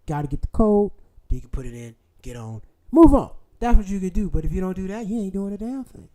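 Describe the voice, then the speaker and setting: A man with a high-sitting voice talks fast as the host of his channel's casual livestream. He is blunt and swears a lot, telling stories in an animated way.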